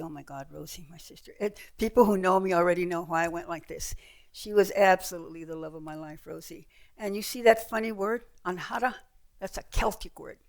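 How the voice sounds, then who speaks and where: A woman's voice: lowish voice, vocal fry. An older woman giving an author's talk, telling travel stories with slides and acting out the people she met. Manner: lively storyteller, acts out voices. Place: heritage center event room with audience.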